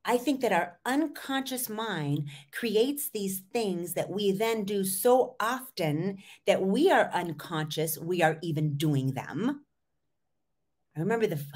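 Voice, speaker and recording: A middle-aged woman hosting a solo podcast as a voice coach, talking in an animated, emphatic way with frequent asides. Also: fairly low pitch.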